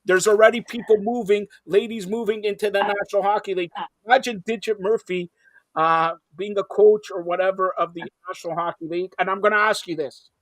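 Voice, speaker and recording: A man's voice: high-pitched, fairly even intonation, a little fast, fairly bright tone, dry recording. A male host interviewing two guests in a casual, teasing way, often talking over them.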